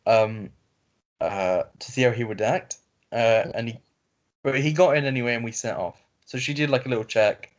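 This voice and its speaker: A man, co-hosting a podcast over a video call, reading a story aloud in casual chat with many fillers and restarts. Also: mid-range voice. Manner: reads haltingly with fillers and self-corrections. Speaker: podcast co-host reading stories. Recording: lo-fi call audio.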